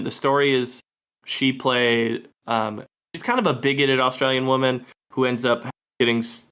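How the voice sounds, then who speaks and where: A man hosting a movie podcast, talking in a relaxed, rambling way with frequent laughs. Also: medium pitch. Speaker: podcast host. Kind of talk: casual movie podcast chat.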